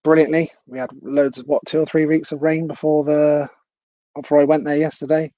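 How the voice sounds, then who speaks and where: Casting: man, live-stream host, mellow voice, dull lo-fi stream sound, chatty and self-mocking. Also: fairly high pitch, level tone, fairly quick, dry recording. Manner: chatty, laughs often, self-deprecating. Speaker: livestream host. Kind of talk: casual live-stream chat.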